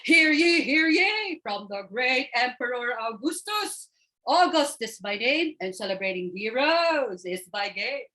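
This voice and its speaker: A woman, voicing a pompous male herald who speaks in loud proclamations. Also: high-pitched, very animated, measured pace, full character voice. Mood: proclaiming.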